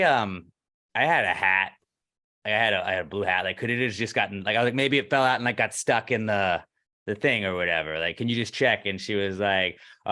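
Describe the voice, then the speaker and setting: Podcast co-host, man, bright forceful voice, ranty storyteller who acts out every line. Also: on the low side. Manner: ranting, acts out quoted dialogue, swears freely. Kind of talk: casual storytelling chat.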